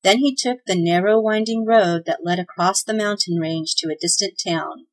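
A woman's voice: medium pitch, normal speed, poor audio. Woman reading a children's story. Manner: gentle, expressive read-aloud with voiced characters. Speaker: podcast host and storyteller.

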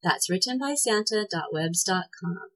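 A woman hosting a podcast and reading a children's story with a cheerful, clear delivery. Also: fairly low pitch, expressive, moderate pace, a bit bright, low-quality recording. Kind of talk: scripted narration of a children's story.

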